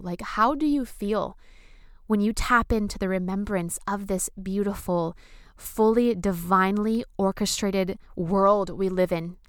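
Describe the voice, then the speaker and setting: Smooth-voiced woman talking spiritual manifestation. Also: mid-range voice, dry recording, studio quality. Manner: enthusiastic, effusive, casual swearing. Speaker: spiritual vlogger. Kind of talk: casual spiritual talk to camera.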